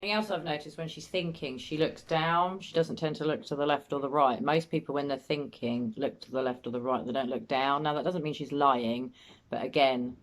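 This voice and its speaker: A woman with a low voice talks through an interview clip in a doubtful, thinking-aloud way. She comments steadily, often circling back to the same misgivings. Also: steady tone, brisk. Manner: doubtful, musing, often repeats herself. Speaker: host, body language commentator. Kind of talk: analytical commentary.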